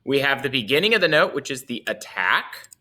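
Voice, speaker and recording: A man's voice: medium pitch, sing-song, a little fast, sharp tone. A man teaching a casual music lesson, playful and chuckling often as he explains.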